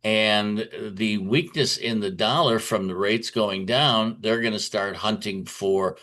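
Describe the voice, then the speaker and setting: A man's voice: fairly low pitch, takes it slowly, pushed and bright. A man giving a conference talk on markets, telling stories in a chatty way with frequent fillers and restarts. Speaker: market commentator.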